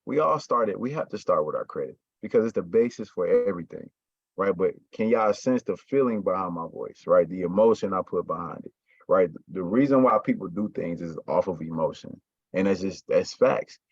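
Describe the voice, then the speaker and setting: Man, sales coach, casual and emphatic, low voice, dry, muffled call audio. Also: lively intonation, normal speed, breathy edge, no room sound. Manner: emphatic, repeats "right?" and "you got me?". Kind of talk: casual coaching talk to a team.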